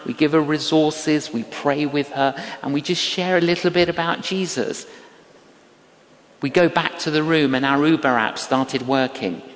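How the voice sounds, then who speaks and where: An older man preaching a sermon, telling a story and acting out the quoted voices of the people in it. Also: on the high side. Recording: long hall reverb.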